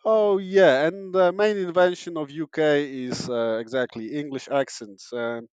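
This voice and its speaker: A young man hosts a comedy podcast, riffing sarcastically and rambling through fillers and restarts. His voice sits a little high for a man and lands dry and close, with no room sound around it. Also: measured pace, a little mellow, clean tone, no echo, dull audio. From Poland. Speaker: podcast host. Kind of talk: casual comedic monologue.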